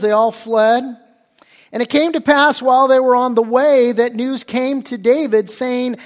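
A male pastor preaches a sermon, moving between scripture reading and loose, slangy retelling. His voice sits very high for a man. The sound rings with long reverb from a large hall.

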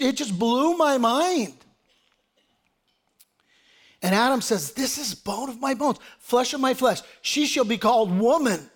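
A middle-aged man preaching a sermon as pastor, in a conversational way with many restarts and asides. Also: high voice.

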